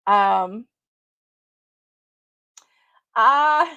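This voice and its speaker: A woman hosts a relaxed live stream, chatting with her viewers, calling them by name and laughing often. Her voice sits a bit high, and the sound is dry and close, with no room echo. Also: drawn-out words, lo-fi sound. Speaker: livestream host. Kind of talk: casual live chat with viewers.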